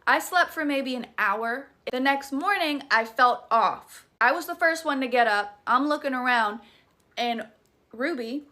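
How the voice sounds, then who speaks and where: A woman's voice: high-pitched, unhurried, sharp tone. A young woman with a Southern US accent, dramatically telling a scary story in a chatty, profane, casual way. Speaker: TikTok creator.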